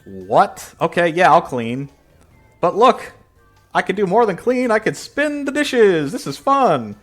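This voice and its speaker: A man voicing an excitable young male bandicoot hero in a goofy, overexcited squeal, reading a comic aloud. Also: on the high side, slow pace, faint music behind, pitched above the performer's own voice, heavily acted. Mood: excited.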